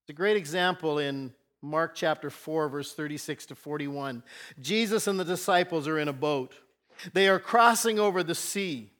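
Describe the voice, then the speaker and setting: A man preaching a sermon as pastor, telling a Bible story earnestly and shifting between soft and loud emphasis. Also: fairly high pitch, moderate pace.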